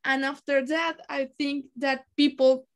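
A woman's voice: high voice, unhurried. A woman from Colombia with a Colombian Spanish accent, speaking English as a guest on an online interview panel, telling her story with lots of restarts. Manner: animated storytelling with frequent restarts. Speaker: language content creator, guest.

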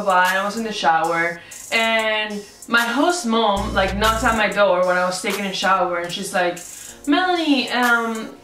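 Chatty young woman vlogger, roomy sound. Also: a little high. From Venezuela. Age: young adult. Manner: chatty, frequent "like" fillers, animated quoted reactions. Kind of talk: casual storytelling to camera. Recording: roomy echo, mic at a distance, music behind.

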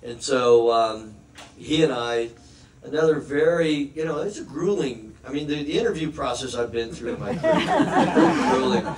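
A man's voice: medium pitch, sing-song, moderate pace, noisy background. A middle-aged American man giving a rambling retirement speech, laughing often and restarting his sentences. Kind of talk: retirement speech, casual storytelling. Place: party room with an audience. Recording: echoey room, distant mic, crowd. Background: crowd chatter and laughter.

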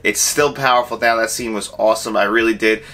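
Bright-voiced man reviewing a film. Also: on the low side, brisk. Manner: animated, acts out quoted reactions. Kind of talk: casual spoken review.

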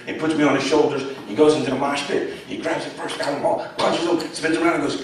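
A man's voice: a little high, little pitch movement, fast, few pauses. A man, telling blunt, profane stories to students with laughs along the way. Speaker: guest speaker. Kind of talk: storytelling talk to students. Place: college lecture hall. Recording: echoey hall, distant mic.

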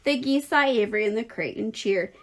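A woman teacher reading a children's novel aloud in a clear, expressive storytelling voice. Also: fairly high pitch, brisk.

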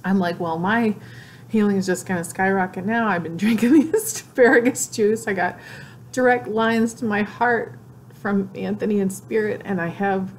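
A woman vlogging in an emotional, gushing way, tearful and crying as she talks with excited exclamations. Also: mid-range voice, normal speed, a little hiss or hum. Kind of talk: emotional casual vlog.

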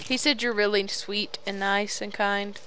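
A woman's voice: mid-range voice, flat delivery, unhurried, sharp tone, poor audio. A young woman chatting casually over a voice call while playing a game, teasing her friend and taunting enemies on screen. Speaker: gamer recording a let's play.

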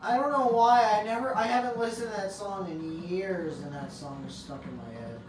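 A woman giving excitable gameplay commentary, breaking into shouts and laughter. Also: medium pitch, normal speed, background noise. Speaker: let's play gamer. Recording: echoey room, distant mic, game music.

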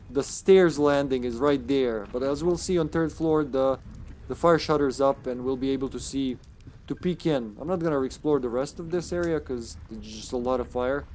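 A man's voice: mid-range voice, normal speed, darkish tone, a little hiss or hum. A man streaming a game live, giving casual commentary, joking, laughing often and talking to his co-op partner.

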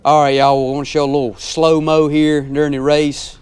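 A man's voice: a little high, little pitch movement, a little fast, background noise. A man, a race car driver giving laid-back, folksy voice-over commentary on his own race footage.

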